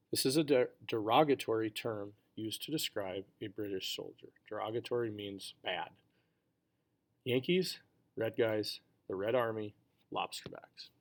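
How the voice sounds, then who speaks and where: A man teacher reading a multiple-choice history test aloud, his voice falling at the end of each list of answers. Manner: measured, falls in pitch and volume at the end of each list of choices.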